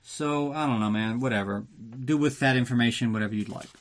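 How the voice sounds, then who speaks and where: This podcast host runs a casual movie recap, ranting sarcastically and swearing plenty while drinking as he talks. His voice is medium-pitched and fairly quick.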